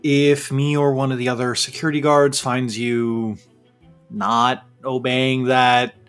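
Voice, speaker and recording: A man's voice: medium pitch, level tone, slow pace, fairly bright tone, soft background music. A man voicing a polite, flustered male security guard who stammers and apologizes in a tabletop game. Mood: flustered politeness.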